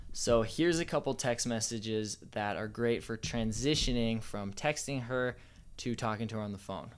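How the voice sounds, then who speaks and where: A man's voice: medium pitch, smooth. A man giving casual, playful dating advice as a coach, with a slightly cocky manner.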